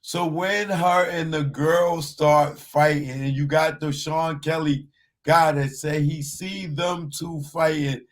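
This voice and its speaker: Man, host, live panel show, quick probing questions, somewhat high voice. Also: fairly even intonation. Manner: questioning, interrupts to probe.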